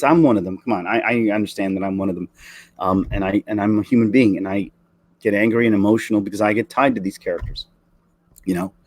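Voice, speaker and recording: A man's voice: on the low side, a little mellow, no echo. Guy, 40s, impassioned vlog rant, stop-start delivery, dry close recording. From Canada. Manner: earnest, emotional, halting with many restarts. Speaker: vlogger.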